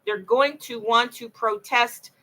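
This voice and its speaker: A woman with a fairly high, sharp voice talks slowly and steadily on a low-quality recording. She is alone late at night, delivering a monologue to camera about her own life, impassioned and rambling with plenty of repetition.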